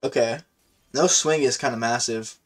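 Male gaming host, mid-pitched, loose and slangy, reacting live as he plays. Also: moderate pace, soft background music. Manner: chatty, slangy, excitable, thinks aloud. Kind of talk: casual live gameplay commentary.

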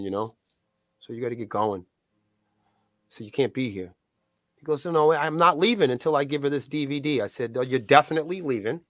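Man in his own voice, a raised-pitch, bright storyteller with a foul mouth, recorded close and dry; acts out every exchange. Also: no room sound. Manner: profane, animated storyteller acting out dialogue. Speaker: band's point of contact. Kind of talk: casual anecdote-telling in a podcast interview.

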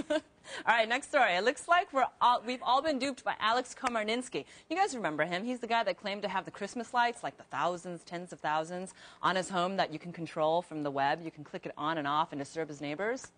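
A woman's voice: lowish voice, brisk, a bit bright. A woman presenting tech news headlines with bubbly, wry asides.

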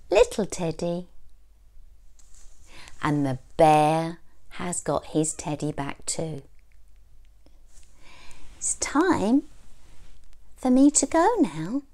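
A woman reading a storybook aloud to young children, slow and expressive, with gasps and questions to the listeners. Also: on the low side. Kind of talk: storytime reading for under-fives.

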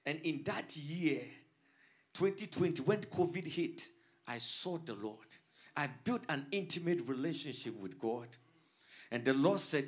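A male pastor from Africa delivers a sermon to his congregation. His voice sits a little on the high side, and his fervent preaching swells from quiet prayer to full volume. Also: lively intonation, moderate pace, slightly rough. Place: church service streamed online.

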